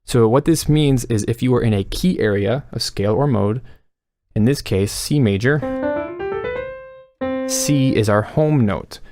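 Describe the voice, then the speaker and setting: A man explaining melody writing techniques in a calm, instructional way, counting beats aloud. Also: medium pitch, unhurried, pauses often, no echo, studio quality, faint music behind. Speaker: music composition teacher.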